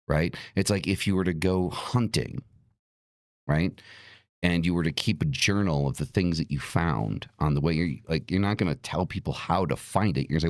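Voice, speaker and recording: Deep-voiced man in a profane rant. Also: moderate pace, no echo, clean studio sound. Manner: blunt and profane, heated and repetitive. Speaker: podcast host. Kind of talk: profane ranting talk.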